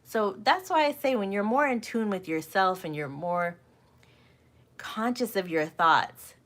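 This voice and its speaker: A woman's voice: mid-range voice, expressive, measured pace, a bit bright. A middle-aged woman giving a live coaching talk, earnest and full of rhetorical questions that she often repeats. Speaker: communication coach.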